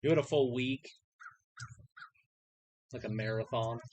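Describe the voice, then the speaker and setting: A woman's voice: extremely low pitch, unhurried, rough recording. A woman co-hosting a casual live watch-along stream, joking and commenting as the show plays. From Idaho, USA. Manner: lively, joking commentary with frequent laughs. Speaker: co-host.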